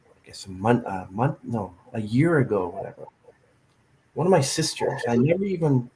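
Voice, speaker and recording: A man hosting a podcast in casual chat, telling stories with lively, acted-out quotes. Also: medium pitch, normal speed, background noise. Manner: animated storyteller, acts out quotes. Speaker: podcast host.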